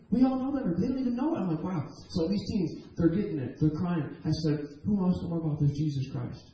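Guy preaching his testimony in a church, real dark mellow voice, big echo all around. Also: on the high side, fairly quick, few pauses. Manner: earnest, animated storytelling with repeated restarts. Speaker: guest preacher. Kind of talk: emotional testimony sermon. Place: church sanctuary. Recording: echoey church hall.

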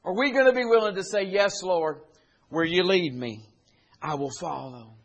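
A man preaching a sermon, retelling scripture in plain folksy speech and building to loud, climbing exhortation. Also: high-pitched, normal speed.

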